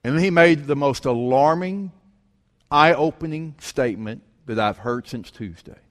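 A man preaching, telling a story in an animated way and acting out the voices of the people in it. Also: fairly high pitch, a little slow. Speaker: pastor. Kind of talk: sermon storytelling. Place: church sanctuary. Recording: long reverb of a large hall.

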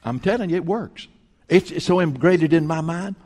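A man preaching a sermon as pastor, telling folksy stories and swinging between loud and hushed. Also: fairly high pitch, normal speed, big-room sound. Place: church sanctuary.

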